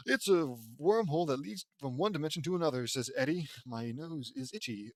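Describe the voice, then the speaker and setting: A man's voice: on the high side, animated, fairly quick, hardly any pauses, no room sound. A man reading a fan-fiction audiobook aloud, stumbling over words and breaking in with sarcastic asides.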